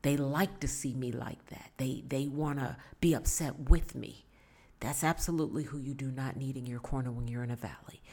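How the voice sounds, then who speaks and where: A woman's voice: a bass voice, moderate pace, warm tone. A woman talking casually and earnestly to her viewers, giving life advice and repeating points for emphasis. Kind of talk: casual motivational talk.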